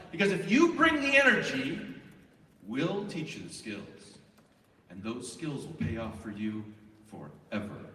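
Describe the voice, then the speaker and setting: A man presenting to a large live student audience in an auditorium, energetic and animated as he directs the crowd. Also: mid-range voice, a little hiss or hum. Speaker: event presenter. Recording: echoey hall, voice from far off.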